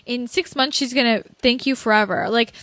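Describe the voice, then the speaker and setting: A woman's voice: a little high, fairly quick, a bit bright, no echo. A young woman hosting a candid conversation, talking bluntly and ramblingly with many fillers and laughing through tears.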